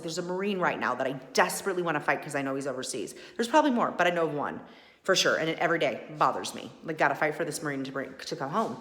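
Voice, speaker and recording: A woman talking in an impassioned personal monologue, emphatic and folksy, often restarting and swinging between loud and soft. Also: on the low side. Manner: folksy mild swearing. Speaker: podcast host.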